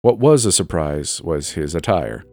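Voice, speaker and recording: A man reading a first-person horror story in a measured, suspenseful scripted narration. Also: extremely low pitch, lively intonation, dry recording. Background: soft background music.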